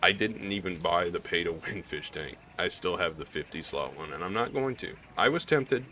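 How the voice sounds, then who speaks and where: A man's voice: low voice, expressive, moderate pace, pushed and bright, a little hiss or hum. A man from Missouri with a slight Southern drawl, talking candidly in a rambling gaming vlog, with many restarts. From Missouri, US Midwest. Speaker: gaming YouTuber. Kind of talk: casual gaming vlog commentary.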